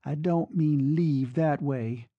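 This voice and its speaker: A man's voice: on the high side, slow pace, no room sound, dull audio. A man voicing a distraught young woman on the phone, speaking in an unsteady, broken, pleading way.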